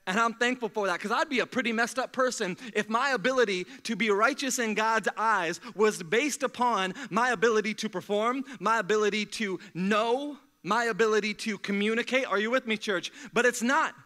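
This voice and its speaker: Young male pastor, high bright voice, energetic sermon with humor. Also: normal speed, hardly any pauses. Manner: energetic call-and-response preaching with jokes. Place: church sanctuary.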